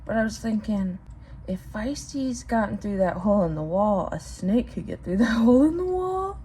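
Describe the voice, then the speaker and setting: A young woman vlogging casually outdoors, rambling and excitable, swearing casually and calling her viewers bro. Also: mid-range voice, normal speed, husky. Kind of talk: casual vlog talk to viewers. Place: outdoors at home.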